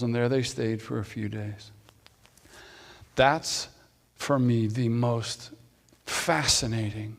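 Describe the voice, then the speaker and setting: A man's voice: medium pitch, a little mellow. A man preaching a sermon as pastor, talking in a conversational way with playful asides to the congregation. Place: church sanctuary. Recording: long hall reverb.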